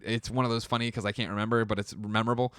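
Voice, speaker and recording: A man from the Chicago area, a podcast guest telling a long personal story in a casual, animated way, acting out the voices of the people in it and swearing freely. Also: on the low side, racing, clear, resonant tone, no echo, clean studio sound. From Chicago area, USA.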